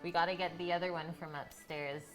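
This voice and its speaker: A woman's voice: lowish voice, steady tone, fairly quick, fairly bright tone, faint music behind. A woman hosting a live cooking stream, chatting and giggling with her viewers from her home kitchen. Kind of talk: casual live-stream chat while cooking.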